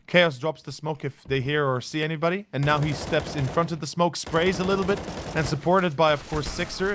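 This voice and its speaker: A man doing live color commentary on an esports match, excitable and playful. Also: a little high, brisk, few pauses, a little hiss or hum. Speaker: esports co-caster.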